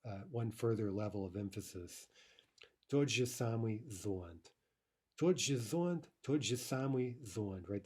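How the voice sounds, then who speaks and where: A man teaching a language lesson, explaining grammar with many fillers and repeating each example slowly. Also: fairly low pitch, a little mellow.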